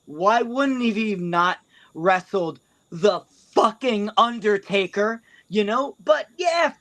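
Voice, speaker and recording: A man co-hosting a wrestling talk show, wandering through his points with many restarts and curses. He speaks slowly, in a fairly high voice. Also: animated, fairly bright tone. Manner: rambling, halting, profane. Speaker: co-host. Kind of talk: casual podcast banter.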